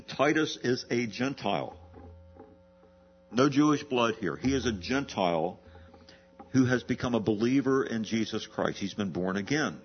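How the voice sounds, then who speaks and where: A man preaching a verse-by-verse sermon in a low, husky voice. He poses rhetorical questions and slows down to stress his key words. The recording sounds dull and lo-fi. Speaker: pastor. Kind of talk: expository sermon.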